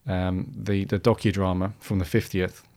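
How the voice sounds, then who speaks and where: A podcast host with a fairly low voice, talking loosely and circling back on himself. He fills his sentences with ums and restarts as he thinks aloud. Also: level tone, normal speed, darkish tone. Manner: rambling, many restarts and fillers. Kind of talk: casual podcast monologue.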